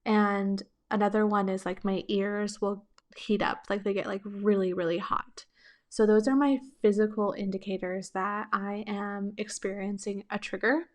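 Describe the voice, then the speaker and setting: A woman hosting a podcast, answering listener questions with reflective, gentle relationship coaching and casual filler words. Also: medium pitch, flat delivery, moderate pace.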